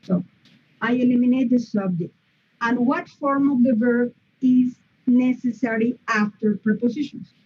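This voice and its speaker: A woman leads an online English grammar lesson, walking through each point patiently and checking in with "okay" and "mm-hmm". Her voice sits a little high but sounds husky and mellow, and she speaks slowly. The stream audio is muffled and lo-fi. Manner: patient, explains step by step with frequent "mm-hmm" and "okay". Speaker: English teacher.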